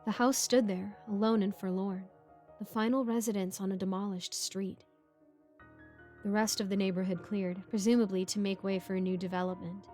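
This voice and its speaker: A woman reading a first-person horror story aloud in a measured, steady scripted narration. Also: mid-range voice. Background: background music.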